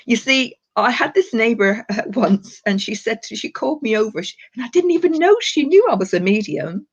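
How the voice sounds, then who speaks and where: A woman's voice: a little high, lively intonation, normal speed, slightly rough. An older woman working as a psychic medium on a live stream, talking with affection and calling people darling and sweetheart. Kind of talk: live-stream reading and chat. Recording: dull lo-fi live stream audio.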